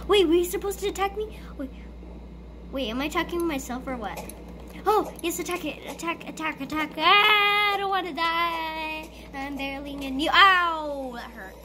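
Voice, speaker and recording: A woman's voice: high-pitched, background noise. A woman giving live gameplay commentary, panicky, pleading and screaming often as she plays. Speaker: gamer.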